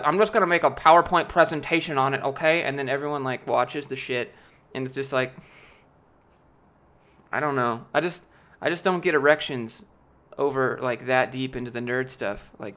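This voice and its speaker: A man's voice: mid-range voice, a bit bright. A young man chatting casually on a live stream, answering chat with rambling, jokey, profane talk.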